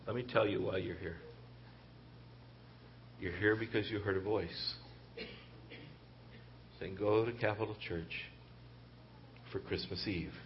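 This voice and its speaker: A man preaching a sermon as pastor in a church, impassioned, rising to loud emphatic peaks and dropping soft, repeating phrases and quoting voices dramatically. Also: fairly low pitch, fairly even intonation, slow pace, long pauses, lo-fi sound, slight background noise.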